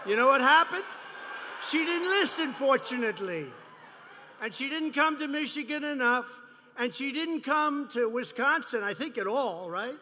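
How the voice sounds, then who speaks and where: In a big indoor rally venue, a male politician addresses his supporters in a very high, bright, forceful voice. The speech is rambling and repetitive, full of mockery and boasting, captured with long hall reverb and a little background noise.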